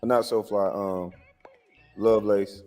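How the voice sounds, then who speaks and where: A man's voice: fairly low pitch, fairly even intonation, slow pace, warm tone, in a large hall, faint music behind. A man hosting a livestream, reacting to clips in a casual, incredulous and lecturing way with lots of rhetorical questions. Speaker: livestream host.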